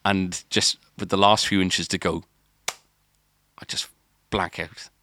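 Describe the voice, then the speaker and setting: A man's voice: low-pitched, little pitch movement, slow, sharp tone, dry recording. A man telling a long story on a podcast, rambling and restarting often. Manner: rambling, lots of filler and restarts. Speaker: podcast co-host. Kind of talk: casual storytelling.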